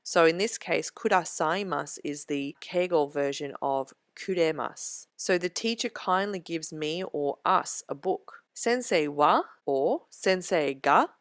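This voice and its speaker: Female language tutor, low voice, measured explainer, dry recording. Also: dry recording. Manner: clear, measured explaining, slows down for example sentences. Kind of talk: slide-based grammar lesson.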